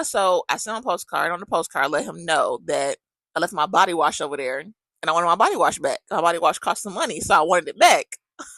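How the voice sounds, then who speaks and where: A woman's voice: lowish voice, fairly bright tone, dry recording, low-quality recording. A woman podcast host, telling a friend's story in casual chat and acting out both sides of the conversation.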